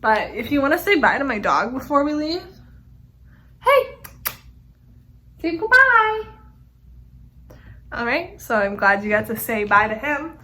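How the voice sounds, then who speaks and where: A young woman with a high, bright voice chats frankly to her camera, rambling and peppering her talk with fillers. The small room gives her voice a noticeable echo. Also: lively intonation, fairly quick, few pauses. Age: young adult. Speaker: vlogger. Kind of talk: casual chat to camera. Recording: echoey room.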